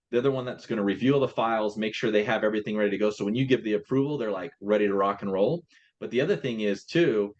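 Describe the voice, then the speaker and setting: A man's voice: on the low side, lo-fi sound. A man in a casual business chat, explaining his translation company's process step by step and often restarting his phrases.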